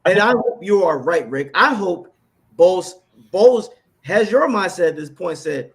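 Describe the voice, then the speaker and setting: A man co-hosting a casual sports chat, excitable and swearing freely. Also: sits high, normal speed, gravelly. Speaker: podcast co-host.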